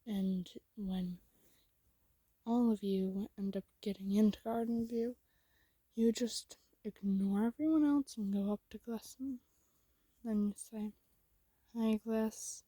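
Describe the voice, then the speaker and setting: A woman narrating a second-person fan story in a soft, intimate whispered role-play. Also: medium pitch, slow pace, slightly rough, no echo.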